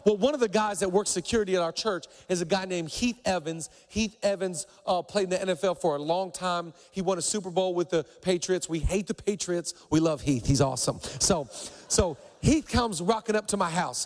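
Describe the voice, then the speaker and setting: Man, pastor, middle-aged, high voice, animated sermon storytelling, church hall echo. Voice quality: acts out quoted voices with big pitch jumps. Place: church auditorium. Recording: long hall reverb.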